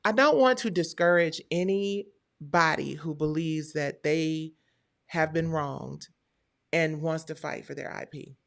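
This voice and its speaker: A woman's voice: sits low, a little slow, vocal fry. A woman hosting a live stream, chatting casually and talking straight to her viewers.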